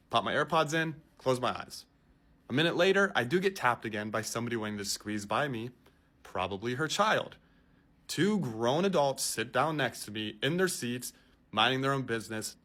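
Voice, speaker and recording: A man's voice: medium pitch, a bit bright. A man telling a story in a casual, exasperated and incredulous way.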